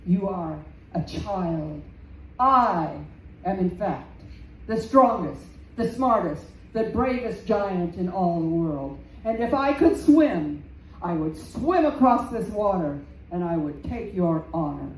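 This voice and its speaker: A woman voicing a huge, scornful male giant who speaks in slow, emphatic insults, recorded from a distance in a roomy space. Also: fairly low pitch, expressive. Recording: roomy, distant, faint background noise.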